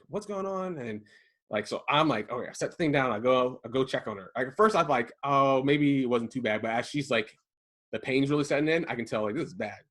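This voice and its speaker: A man in his thirties from Maryland telling a story in casual chat, acting out the quotes with lively jumps in his voice. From Prince George's County, Maryland. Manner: animated, acts out quotes with big jumps in pitch. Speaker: podcast co-host telling a story.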